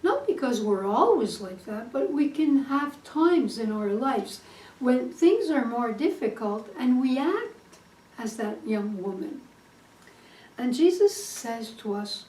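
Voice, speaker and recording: A woman preaching a sermon, earnest and storytelling in manner, with a slow, lively delivery in an echoey room. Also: on the high side. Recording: echoey room, distant mic.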